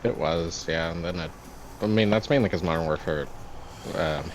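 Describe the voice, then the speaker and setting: Deep-voiced man in relaxed gaming chat. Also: normal speed, background noise. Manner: relaxed, opinionated, laughs easily. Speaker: gaming friend.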